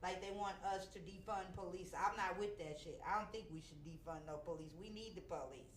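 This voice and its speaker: A woman's voice: fairly low pitch, a little fast, slight background noise. Middle-aged woman, brash comedic host, roomy echo. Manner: blunt, brash, profane. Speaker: talk show host. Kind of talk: casual comedic chat.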